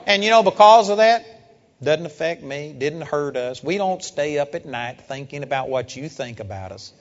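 A man preaching a sermon, emphatic, building up to loud rhetorical questions. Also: a little high, lively intonation, moderate pace. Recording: dull lo-fi sound with long hall reverb.

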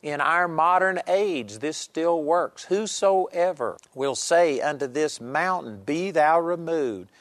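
A man's voice: fairly high pitch, takes it slowly, hardly any pauses, dry recording. A man preaching a sermon and teaching from a Bible text in an earnest, emphatic way. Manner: earnest, emphatic, varying loudness.

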